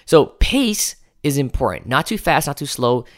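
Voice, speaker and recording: His medium-pitched voice swings widely in pitch at a normal speed as he hosts a coaching podcast. He teaches through the episode, altering his pace, stressing key words, and sometimes tallying items aloud to himself.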